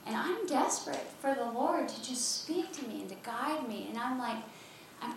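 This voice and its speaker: An older woman from Texas with a Texas accent, preaching a lively, conversational sermon with laughs and asides as a former campus chaplain. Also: high-pitched, moderate pace. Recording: echoey hall from a distance, faint noise.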